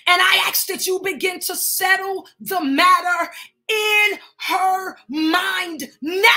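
A woman leading prophetic intercessory prayer, fervent, punctuating each phrase with "Father" or "God", swelling into shouts and speaking in tongues. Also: high-pitched.

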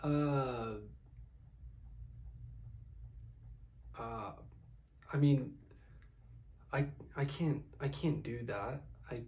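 A man's voice: mid-range voice, darkish tone, lightly acted. A man doing a laid-back famous young video star. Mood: awkward refusing. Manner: laid-back, hesitant, many fillers. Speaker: podcast guest. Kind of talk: comedic podcast sketch.

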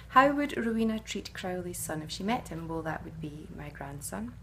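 A woman's voice: lowish voice, lively intonation, measured pace, gravelly, darkish tone, slight background noise. A middle-aged woman, an actress answering fan questions in a casual, chatty way, musing and often hesitating.

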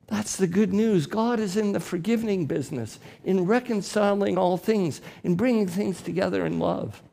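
A man, a priest preaching a sermon in church, slow and deliberate with emphatic rises. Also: high-pitched, creaky, warm tone.

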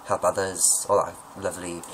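Deep-voiced man rambling through a Q&A. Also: level tone, normal speed, a bit bright, a little hiss or hum, low-quality recording. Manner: rambling, joking, self-deprecating. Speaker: vlogger answering viewer questions. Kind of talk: casual Q&A monologue.

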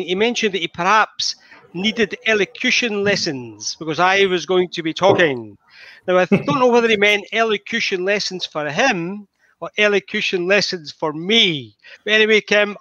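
A man's voice: high-pitched, sharp tone, no echo, lo-fi sound. A Scottish man hosting a live online whisky tasting, chatty and greeting viewers by name over a video call.

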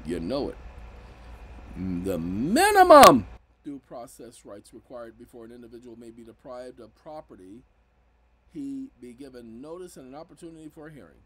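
A man's voice: medium pitch, huge pitch swings, moderate pace, fairly bright tone, low-quality recording. Emphatic man explaining legal rights. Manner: emphatic, rises sharply when indignant. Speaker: legal commentator. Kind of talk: casual explanatory commentary.

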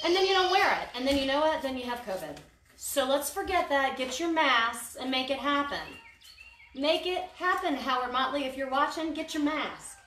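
High-voiced mom directing her kids. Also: animated, moderate pace, a bit bright. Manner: bossy, playful, directing children. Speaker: mother running a home video show. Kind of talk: casual home demonstration for kids. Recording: echoey room, far from the mic, background noise.

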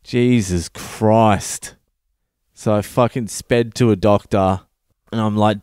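A man's voice: on the low side, fairly even intonation, measured pace, a little mellow, clear, resonant tone, dry recording, clean studio sound. A man in his thirties telling blunt, profane comic stories as a podcast host. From Australia. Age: 30s. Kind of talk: comedic monologue.

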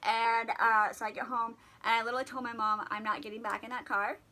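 A young woman vlogger chatting through a casual storytime, animated and full of fillers. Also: on the high side, a little fast, slight background noise, rough recording.

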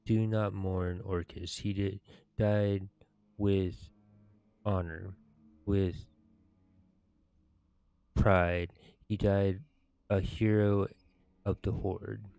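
A stern orc warlord honors the fallen in a very deep, gravelly voice, as a man reads him out. He speaks slowly in halting, solemn phrases, dark in tone and dry. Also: level tone, no room sound, exaggerated voice.

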